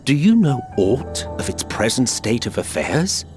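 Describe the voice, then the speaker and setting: A lofty, condescending game figure speaks gravely as if lecturing a traveler about distant lands. Loud game music plays clearly under the voice, and the delivery is slow and weighty. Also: male voice, mid-range voice, sing-song. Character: haughty man quizzing a traveler about faraway lands. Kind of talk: game cutscene voice acting.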